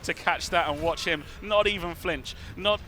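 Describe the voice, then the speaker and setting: A man giving color commentary on an esports match, chatty and quick to laugh. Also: sits high, slight background noise. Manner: chatty, laughs easily, animated recaps.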